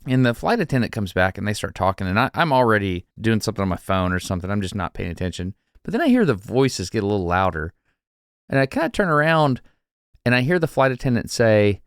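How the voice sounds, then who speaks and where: Male podcast co-host, low voice, dry close sound, chatty storyteller. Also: fast, clean tone, dry recording. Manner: animated anecdote-telling with laughs and restarts. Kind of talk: casual storytelling chat.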